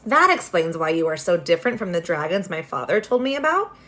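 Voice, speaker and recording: A woman's voice: on the low side, very animated, brisk, fairly bright tone. A woman voicing a kind, practical young girl who speaks in a friendly, reassuring way in a read-aloud storybook.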